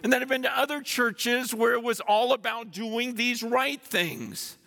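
A man preaching a sermon, excited and effusive, repeating himself as he speaks. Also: extremely high pitch, unhurried, gravelly. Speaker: pastor.

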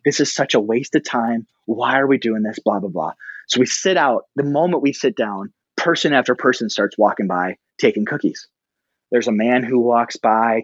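A middle-aged man, a pastor, telling a personal story casually and animatedly, often jumping up in pitch for the voices he quotes. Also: husky, no echo, dull audio. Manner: animated, breaks into high-pitched quoted reactions.

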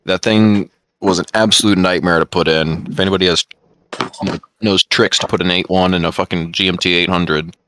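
A man, co-hosting a podcast and telling stories in casual chat, excitable and swearing freely. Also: sits low, moderate pace, smooth, dry recording. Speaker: podcast co-host.

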